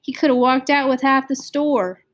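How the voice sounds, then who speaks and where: A woman's voice: sits high, steady tone, moderate pace, pitched above the performer's own voice, lightly acted. A woman voicing a scared, guilt-ridden teenage boy who talks in a quavering, pleading way. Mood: distressed.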